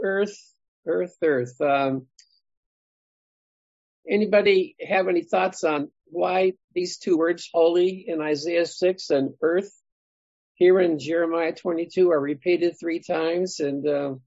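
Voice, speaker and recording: Bible study leader for a group teaching, gravelly and a bit raspy, muffled lo-fi sound. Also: medium pitch, measured pace, a little mellow, no echo. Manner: thinking aloud, asks the group questions.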